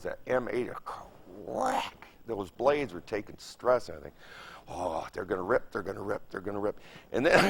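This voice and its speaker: An older man from Michigan tells a story about his past in a lively, emphatic way. His voice rises and falls a great deal, and he leans on repetition and imitated sounds to make each moment vivid. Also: medium pitch, vocal fry. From Michigan, United States. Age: 70s. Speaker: veteran interviewee. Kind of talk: oral history recollection.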